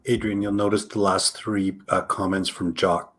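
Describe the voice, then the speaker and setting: A man's voice: deep voice, level tone, moderate pace, a bit bright. A man moderating a webinar, briefly pointing out audience comments.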